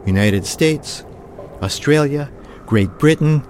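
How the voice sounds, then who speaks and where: A man's voice: fairly high pitch, lively intonation, slow pace, a little mellow, slight background noise. A man, a professional storyteller, narrating a personal story vividly and slipping into the voices of the people he quotes.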